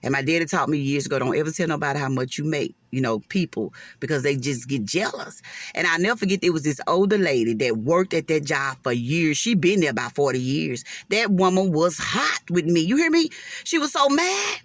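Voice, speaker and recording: A woman's voice: low voice, expressive, fairly quick, dry recording. A woman, telling an emotional personal story to viewers in a casual vlog, with churchy asides.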